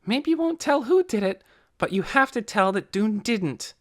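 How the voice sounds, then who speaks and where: A man's voice: sits high, sing-song, normal speed, a bit bright, voice pushed up. A man voicing an earnest, determined young girl who presses hard with her questions. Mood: insistent.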